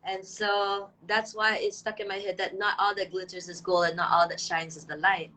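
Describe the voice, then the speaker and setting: Jamaican woman, guest artist, earnest and measured storyteller. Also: mid-range voice, little pitch movement, pushed and bright, slight background noise, poor audio. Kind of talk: candid storytelling in an interview.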